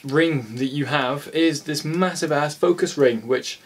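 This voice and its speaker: A man's voice: on the high side, measured pace. An English man casually reviewing a camera lens in a rambling, jokey, sweary vlog chat.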